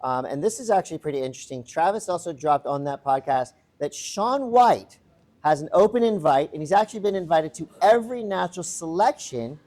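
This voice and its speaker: Higher-voiced man hosting a podcast. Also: lively intonation, a little mellow. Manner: teasing, steers topics with quick questions. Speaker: podcast co-host. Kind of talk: casual podcast chat before a live audience.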